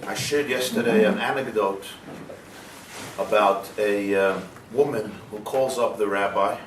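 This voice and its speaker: A man's voice: fairly low pitch, measured pace. A man giving a sermon as a rabbi, telling a joke and acting out its characters in a storytelling manner. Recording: echoey hall, speaker far from mic, noisy.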